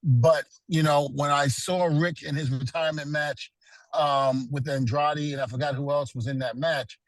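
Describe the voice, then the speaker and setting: Man, middle-aged, interview guest, earnest storyteller, somewhat high voice, dry close sound. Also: steady tone, normal speed, no room sound, low-quality recording. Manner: earnest storytelling, frequent "you know". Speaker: guest, retired pro wrestler. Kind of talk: casual interview.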